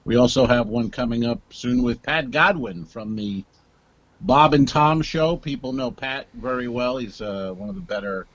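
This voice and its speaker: A man's voice: medium pitch, normal speed, no echo, highs cut off. A man co-hosting a comedy podcast, teasing and sarcastic, chatting casually over a remote call. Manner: teasing, sarcastic, laughs often. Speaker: podcast co-host.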